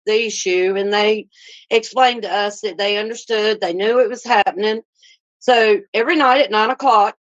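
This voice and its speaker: A woman's voice: a little high, fairly bright tone. A woman tells a customer complaint in a casual, indignant way, often quoting what she and the staff said. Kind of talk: casual spoken account. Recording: dull lo-fi recording.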